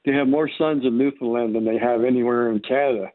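A man's voice: mid-range voice, steady tone, quick pace, dry recording, narrow, tinny audio. A man joining a casual chat, speaking in short, laughing remarks. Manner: brief, laughing interjections.

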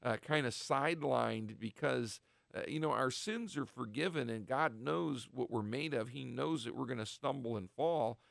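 Male radio Bible teacher, gravelly tone, dry close mic, earnest and halting. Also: medium pitch, no room sound. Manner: earnest, halting, with many restarts and fillers; acts out short quoted voices of the devil and apostles.

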